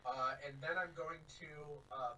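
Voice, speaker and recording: A man's voice: mid-range voice, normal speed, bright, forceful tone, a little hiss or hum, rough recording. A man playing in a tabletop game, laying out his moves in a plain, matter-of-fact way. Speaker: player. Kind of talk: casual tabletop game chat.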